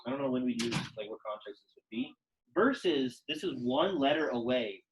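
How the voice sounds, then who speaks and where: Young male teacher, chatty and loose, a bit husky, classroom lesson. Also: mid-range voice, very animated, moderate pace, poor audio. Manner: casual, chatty, lots of "like" fillers. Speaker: Latin teacher.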